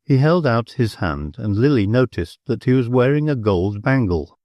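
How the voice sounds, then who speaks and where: A man narrating an audiobook in a measured, expressive storytelling manner on a close mic. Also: medium pitch, dry recording, lo-fi sound. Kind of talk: scripted narration.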